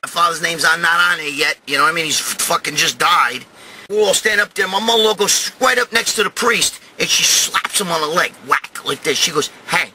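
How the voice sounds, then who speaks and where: Host, middle-aged New York Italian guy, crude rambling storyteller, high bright voice. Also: brisk, slight background noise, rough recording. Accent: New York Italian-American. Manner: profane, rambling, swings to loud shouting. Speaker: show host telling a story. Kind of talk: crude comic storytelling monologue.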